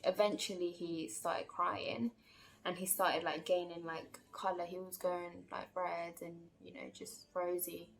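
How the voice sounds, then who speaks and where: Chatty woman with a gravelly voice. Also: fairly low pitch, flat delivery, unhurried. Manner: chatty, many fillers and acted quotes. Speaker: vlogger. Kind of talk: casual storytelling to camera.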